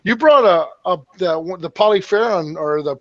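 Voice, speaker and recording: An excitable man chatting with friends, his voice high and lively. The audio sounds dull and lo-fi. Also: normal speed, no room sound. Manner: excitable, playful. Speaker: co-host. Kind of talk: casual chat.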